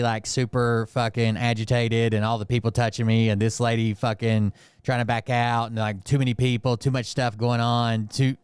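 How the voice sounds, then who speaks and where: Man, smooth resonant voice, dry close sound, rambling profane storyteller. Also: mid-range voice, no room sound. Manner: profane, rambling, heated retelling full of fillers. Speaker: channel host. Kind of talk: casual storytelling.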